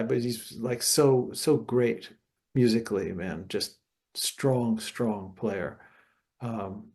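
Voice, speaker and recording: An older man with a gravelly, fry-laced voice is a guest in an interview. He tells lively anecdotes and slips into other people's voices as he goes. His pitch sits in the middle for a man. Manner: animated anecdotes, acts out voices. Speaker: guest jazz guitarist. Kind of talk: storytelling interview.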